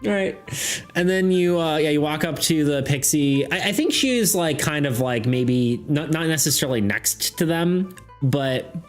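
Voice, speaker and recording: A man acting as game master on a live tabletop stream, keeping the narration loose and giggly with plenty of self-mocking asides. His pitch is middling but moves a great deal, and quiet music runs underneath. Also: animated, unhurried. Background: faint background music.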